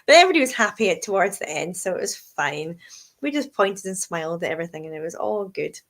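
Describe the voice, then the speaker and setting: A woman's voice: on the low side, expressive, fast talker, fairly bright tone. A woman with an Aberdeenshire Scottish accent, co-hosting a casual live chat and laughing often as she talks. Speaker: co-host, whisky tour guide.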